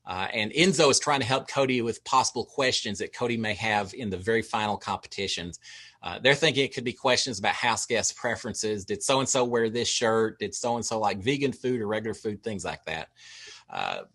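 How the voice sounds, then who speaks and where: A man's voice: lowish voice, lively intonation, a little fast, fairly bright tone. A man with a Texas accent giving a casual recap of overnight reality show feeds, chatty with wry asides and frequent filler words. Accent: Texan.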